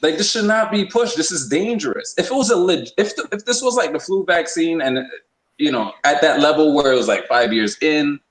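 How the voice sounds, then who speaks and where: A man's voice: on the high side, animated, brisk, roomy sound, low-quality recording. A man hosting a podcast, talking in a rambling, emphatic way with many restarts. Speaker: podcast host. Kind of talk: casual opinion talk.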